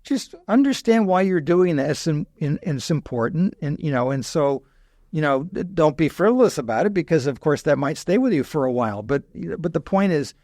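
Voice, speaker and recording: A man's voice: on the high side, lively intonation, moderate pace, darkish tone, dry recording, clean studio sound. An older man, a guest scholar in a podcast interview, speaking thoughtfully with many restarts and asides.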